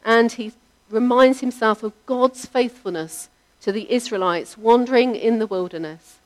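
A woman preaching a sermon, in a measured, reflective delivery whose line ends trail off softly. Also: fairly high pitch.

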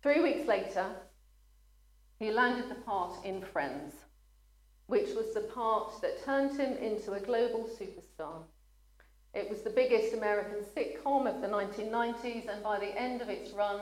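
A woman preaching a sermon, speaking earnestly and at times choking up and apologizing. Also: medium pitch. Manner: earnest, gets emotional and pauses to apologize. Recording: echoey room.

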